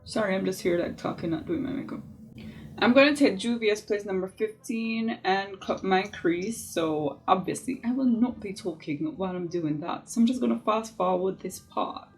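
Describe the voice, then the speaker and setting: Doing her makeup for a beauty vlog, this woman chats in a mid-range voice at a moderate pace while faint music plays behind her. Her tutorial talk is casual, chatty and opinionated, full of lively asides.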